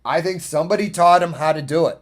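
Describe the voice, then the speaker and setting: Male podcast host, high-pitched voice, blunt and profane, ranting casual monologue. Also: fast.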